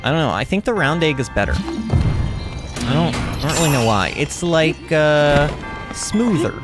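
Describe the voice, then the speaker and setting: A chatty woman livestreams a game, and her pitch bounces up and down as she talks to her viewers. Game music plays clearly behind her. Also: very animated, a little slow. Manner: chatty, bubbly, full of fillers and restarts. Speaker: game streamer. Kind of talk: casual livestream chat while playing.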